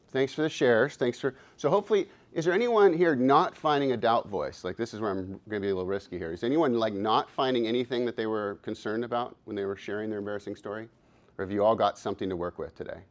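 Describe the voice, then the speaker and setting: A man in his fifties giving a live workshop talk, upbeat and encouraging, playful with the audience. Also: on the low side. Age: 50s. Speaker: workshop presenter and coach. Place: conference workshop room.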